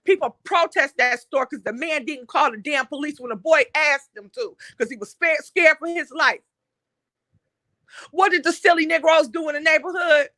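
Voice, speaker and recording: A woman's voice: sits high, moderate pace, bright, forceful tone, no room sound. A woman hosts an impassioned monologue. She talks bluntly and heatedly and swears often. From Detroit, USA. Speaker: online talk show host.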